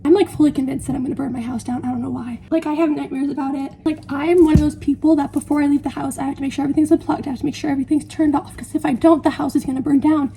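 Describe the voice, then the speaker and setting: Young woman, home baking vlog, high mellow voice, chatty and self-mocking, light hiss behind. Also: steady tone, racing, gravelly, hardly any pauses. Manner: rambling, self-deprecating, laughs often. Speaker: vlogger. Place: home kitchen.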